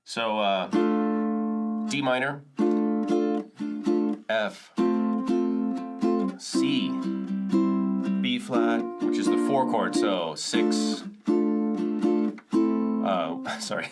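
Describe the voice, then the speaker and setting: A man's voice: mid-range voice, lively intonation, drawn-out words, long pauses, over loud music. A man teaching percussion and chords in a casual, self-correcting way, explaining step by step. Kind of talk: relaxed music lesson walkthrough.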